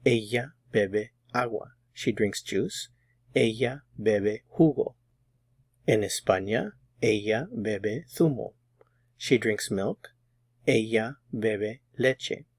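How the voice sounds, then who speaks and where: Male language teacher, low-pitched, unhurried, methodical delivery, dry close recording. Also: darkish tone, husky, dry recording. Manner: patient, methodical, slows down on example phrases. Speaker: Spanish teacher. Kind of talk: explaining grammar lesson.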